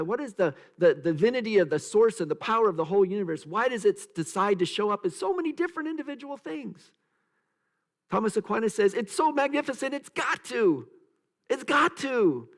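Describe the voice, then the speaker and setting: A man minister giving a sermon in a church, animated, acting out quoted voices, with many restarts. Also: high-pitched. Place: church sanctuary.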